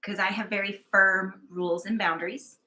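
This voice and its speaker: Bright-voiced chatty woman storyteller. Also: medium pitch, fairly even intonation, normal speed, poor audio. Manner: candid, chatty, self-mocking. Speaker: psychic medium guest. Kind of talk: casual conversational storytelling.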